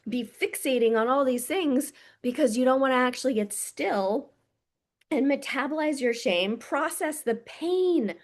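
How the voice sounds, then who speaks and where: A woman's voice: high-pitched, animated, unhurried. A woman speaking as a spiritual coach in a casual monologue to camera, blunt and intimate, swearing freely and calling her listeners "my loves".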